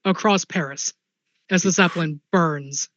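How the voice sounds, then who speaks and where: A player in a tabletop game slowly and deliberately narrating a dramatic moment for their character. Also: medium pitch, fairly bright tone, dry recording, muffled recording.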